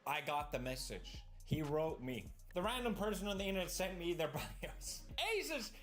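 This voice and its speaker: A man vlogging about building a computer rig, animated and exasperated, breaking into shouted rants. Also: on the high side, moderate pace, soft background music. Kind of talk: energetic comedic vlog rant.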